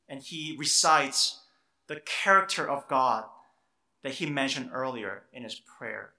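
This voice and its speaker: A man's voice: medium pitch, pushed and bright, reverberant. A man preaching a sermon, earnest and emphatic, often repeating words as he stresses a point. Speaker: pastor.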